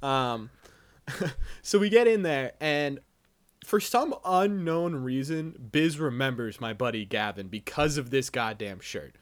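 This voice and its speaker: A man's voice: medium pitch, animated, slow. A young man hosting a podcast, telling a rambling, profane drinking story in casual chat. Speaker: podcast host.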